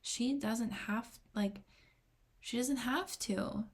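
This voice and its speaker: A young woman giving casual, rambling reaction commentary on an album, excitable and often dropping to a whisper while she reads her notes. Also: fairly high pitch, slow pace. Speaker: music reaction vlogger.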